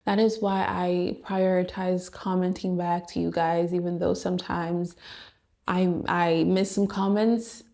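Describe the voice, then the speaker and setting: A woman's voice: on the low side, level tone, measured pace, vocal fry, darkish tone. A young woman fitness vlogger giving a heartfelt, encouraging talk to her viewers, repeating phrases for emphasis. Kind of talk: heartfelt motivational talk to camera.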